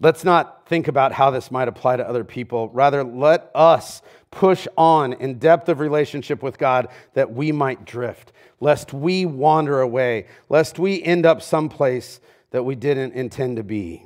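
A middle-aged man preaching a sermon as pastor in a church. He talks conversationally and drops to a near hush on key lines. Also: mid-range voice, measured pace, hardly any pauses. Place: church sanctuary.

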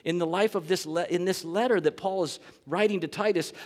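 A man's voice: high-pitched, a little fast, in a large hall. A man preaching a sermon as pastor, earnest and emphatic, repeating key phrases for weight.

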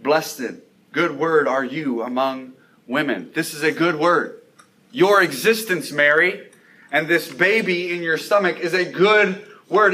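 Animated male preacher, fairly high voice. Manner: animated preaching, speeds up and slows for emphasis, rises to loud exclamations. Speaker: pastor. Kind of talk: sermon.

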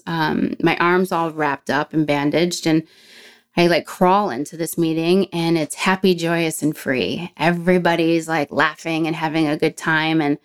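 A woman's voice: deep voice, clear, resonant tone. A woman in her forties telling her own story in a frank, blunt way, swearing freely and laughing at herself. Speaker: guest sharing a recovery story. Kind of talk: candid personal storytelling.

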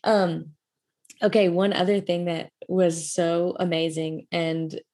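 A woman's voice: on the low side, flat delivery, takes it slowly, dark tone. A young woman hosting a podcast, telling a personal story in a chatty way with lots of fillers and frequent laughs. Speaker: podcast host. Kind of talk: casual storytelling chat.

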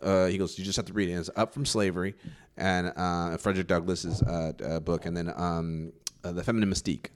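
A man's voice: low-pitched, level tone, a little fast. A young man from California chatting casually, rambling and swearing, with lots of fillers and restarts. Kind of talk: casual chat.

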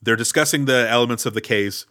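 A man's voice: medium pitch, quick pace, sharp tone. A man co-hosting a podcast, chatting casually about an action movie with rambling restarts. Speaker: podcast co-host. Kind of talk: casual movie recap chat.

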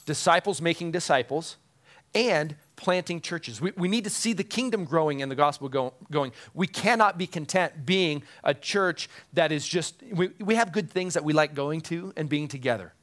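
A man's voice: on the high side, normal speed, fairly bright tone. A man who is a pastor, preaching a conversational sermon to his congregation, often chuckling and repeating key phrases for emphasis.

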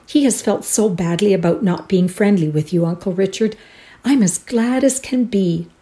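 A woman's voice: medium pitch, moderate pace, warm tone, voice pushed up, lightly acted. A woman voicing a kind-hearted young niece in a story read aloud, gushing and eager. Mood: joyful.

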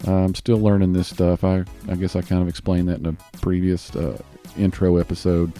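A man with a Southern US accent hosting a podcast in casual chat, rambling with fillers and restarts and talking a bit fast. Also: low-pitched, flat delivery, mellow, soft background music. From Southern US (Tennessee). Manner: talks a bit fast on mic. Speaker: podcast host.

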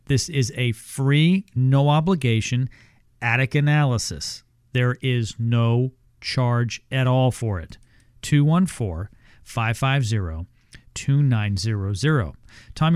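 Radio host with a dry studio sound. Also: male voice, mid-range voice, a little mellow, clean tone, dry recording. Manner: conversational, reads call-to-action promos. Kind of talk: radio talk show hosting.

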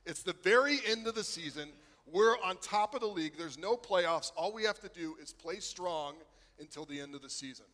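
A male preacher tells a story from the pulpit, moving between quiet, low moments and excited bursts. His voice sits high and sounds bright and forward. The sound has the long reverb of a big hall. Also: moderate pace. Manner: storytelling, swinging from hushed to excited. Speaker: pastor. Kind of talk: sermon.

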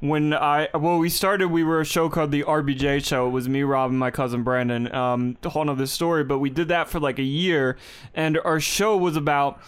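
A man's voice: on the high side, steady tone, a little fast, clear, resonant tone. A man from New Jersey hosting a podcast, chatting casually and rambling with some swearing. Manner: laid-back, rambling, swearing. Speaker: podcast host.

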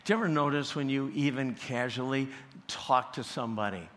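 A male pastor preaching a sermon at a slow, deliberate pace, building to emphatic peaks. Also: medium pitch, fairly bright tone. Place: church sanctuary. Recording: long church reverb.

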